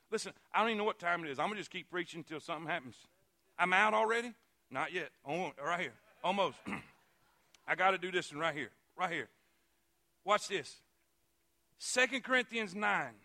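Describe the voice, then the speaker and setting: A man preaching a sermon in a church, fervent and repetitive, building to shouts. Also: sits high, expressive, a little fast.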